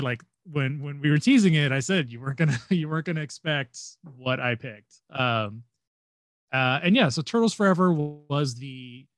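A man's voice: a little high, no echo. A young man chatting casually as a podcast co-host, rambling with many fillers and restarts. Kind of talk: casual fan chat.

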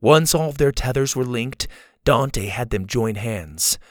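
A man reading a scripted children's adventure story as the show's storyteller, in an even, measured way. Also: medium pitch, dry recording, clean studio sound.

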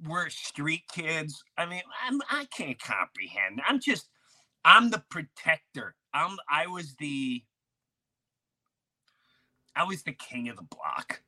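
A man hosting a podcast, telling neighborhood stories in a loose, animated way, with lots of false starts. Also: on the high side, slow. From grew up in a city neighborhood near an airport. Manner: animated, with many restarts and acted-out quotes. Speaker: podcast host. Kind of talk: casual storytelling chat.

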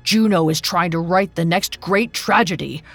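A woman's voice: fairly low pitch, moderate pace, fairly bright tone, faint music behind. A woman voicing an exasperated, grumbling male king of the gods in an audio storybook. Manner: gruff, grumbling.

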